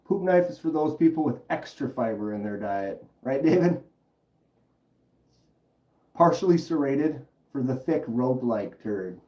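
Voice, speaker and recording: A man's voice: a little high, animated, measured pace, mellow, far from the mic, highs cut off. Chatty man demoing in a roomy space. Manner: chatty, explains steps and reads chat aloud. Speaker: livestream host. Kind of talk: casual livestream demonstration.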